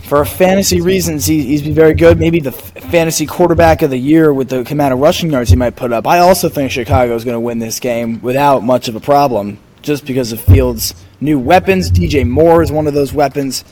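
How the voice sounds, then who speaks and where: A man's voice: on the high side, fairly quick, few pauses, a little mellow, rough recording. A man hosting a casual sports podcast, moving through the games and asking each co-host for a pick. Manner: runs the segment, calling on co-hosts for picks.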